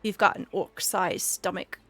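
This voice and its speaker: A woman voicing a warm, bustling orc woman who sells pies at a festival stall in a tabletop game. She greets people heartily and makes a sales pitch. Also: a little slow, no echo. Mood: welcoming. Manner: hearty and welcoming.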